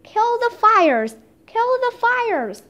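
A commanding master painter barking short orders, as a woman reading a children's storybook puts him on. The voice sits high and swings widely in pitch, with shouted urgency. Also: big pitch swings, measured pace, lo-fi sound. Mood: urgent. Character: excitable man, a master painter. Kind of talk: reading a children's book aloud.

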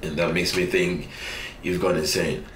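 An actor playing a sick, stressed young student who talks bluntly and sounds exasperated. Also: male voice, low-pitched, flat delivery, moderate pace, a bit bright, a little hiss or hum. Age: young adult. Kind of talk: short film acting. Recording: roomy, distant mic, faint ambience.

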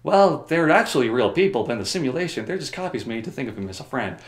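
A man's voice: medium pitch, big pitch swings, fast, reverberant. A man summarizing a video game story for comedy, rambling with joking, sarcastic asides. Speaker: video host.

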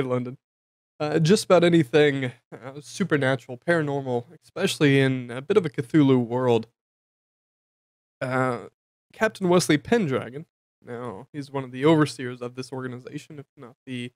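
A man's voice: medium pitch, no room sound, clean studio sound. A man giving a casual, jokey recap of a tabletop game campaign, rambling with lots of fillers and self-corrections.

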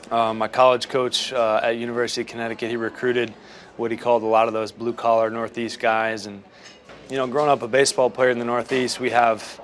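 A man's voice: medium pitch, level tone. Easygoing young man from Western Massachusetts. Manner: easygoing, agreeable, quick to say yeah. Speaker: guest, baseball player. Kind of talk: casual chat. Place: restaurant.

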